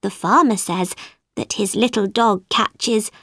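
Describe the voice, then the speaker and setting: A woman's voice: mid-range voice, slow pace, fairly bright tone, dry recording, studio quality. A woman voicing a polite, curious young girl in a storybook reading, who chatters on and keeps apologising. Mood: apologetic.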